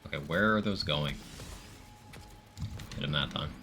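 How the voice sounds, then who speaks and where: A man's voice: rumbling low, measured pace, pushed and bright, soft background music. A man streaming live, casually explaining game mechanics in detail while greeting viewers in chat. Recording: background noise.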